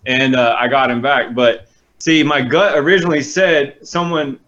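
A man telling a personal story in a casual, animated way, acting out the voices in it. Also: medium pitch, moderate pace, lo-fi sound. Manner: animated, acts out quotes.

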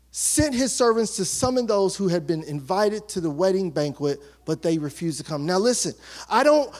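High-voiced pastor preaching, animated storyteller. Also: male voice. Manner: animated storytelling, acting out townspeople's chatter; drops to a hush for emphasis. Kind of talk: sermon.

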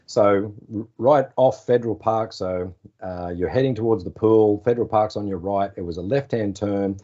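A very low-voiced Australian man in his forties tells anecdotes in an easygoing, chatty way. His tone is dark and mellow, and he acts out the phone calls he quotes. The podcast audio sounds slightly dull. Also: normal speed. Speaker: podcast guest, former sports journalist. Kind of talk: casual storytelling interview.

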